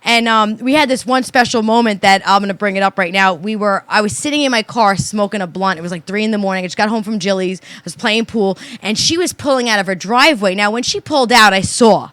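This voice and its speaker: A woman's voice: medium pitch, quick pace, few pauses, a bit bright, no room sound. A woman co-hosting a podcast, telling a personal story in a blunt, profane, earnest way. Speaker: podcast co-host. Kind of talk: casual chat.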